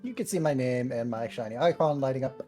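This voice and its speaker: A man's voice: medium pitch, fast, warm tone, soft background music. A man introducing himself as the game master of a tabletop stream with light, joking banter.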